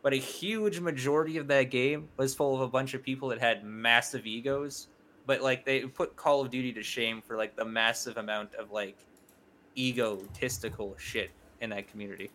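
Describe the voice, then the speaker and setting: A man's voice: mid-range voice, fairly even intonation, normal speed, a bit bright. A man talking as a podcast guest in casual chat, rambling with lots of fillers and swearing.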